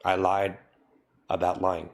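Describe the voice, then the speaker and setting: Streamer, male, low-pitched, mock-serious scolder on a comedy live stream. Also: little pitch movement, slow. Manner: mock-stern, scolding, repetitive. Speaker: livestreamer.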